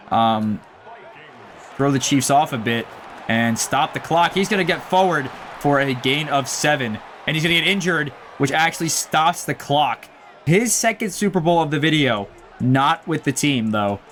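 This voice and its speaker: A man's voice: fairly high pitch, a little hiss or hum. A young man commentating his own football video game season, calling plays like a sportscaster. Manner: excited play-by-play, rising to shouts at big plays. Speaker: gaming YouTuber. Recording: faint music behind the voice.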